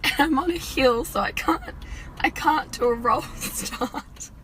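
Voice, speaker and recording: A hoarse woman ranting in frustration from her car. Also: high-pitched, measured pace, a bit bright, a little hiss or hum, low-quality recording. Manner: frustrated, rambling. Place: car on a highway.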